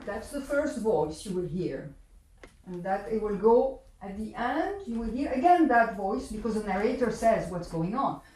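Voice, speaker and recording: A woman's voice: mid-range voice, animated, normal speed, a little mellow. A woman pianist casually explaining a piece to guests at a home gathering, chatty and a little hesitant. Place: home, indoors. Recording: roomy, from a distance.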